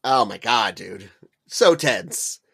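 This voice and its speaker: A man co-hosting a casual podcast, relaxed and agreeable, and cursing now and then. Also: fairly low pitch, slow pace, vocal fry, breathy edge. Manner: laid-back, agreeable, profane. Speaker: podcast co-host.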